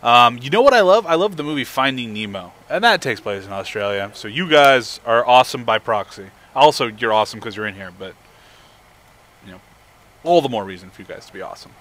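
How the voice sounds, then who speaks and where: A young man hosts a live stream in an easy, casual way, reading out viewer comments and chatting between games. His voice is bright and lively at an ordinary pitch. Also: a little fast. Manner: upbeat, reads viewer messages aloud. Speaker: livestream host.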